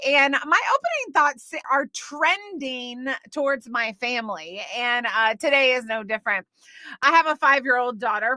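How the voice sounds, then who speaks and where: A woman in her thirties hosting a faith podcast, telling a family story in a bubbly, animated way with quick asides. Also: fairly high pitch, no echo. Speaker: podcast host.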